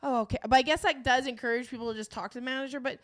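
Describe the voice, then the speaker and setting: A woman's voice: high-pitched, rapid-fire. A woman co-hosting a podcast, chatting casually, laughing and swearing as she tells work stories. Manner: laughs often, animated, swearing. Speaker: podcast co-host. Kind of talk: casual comedic chat.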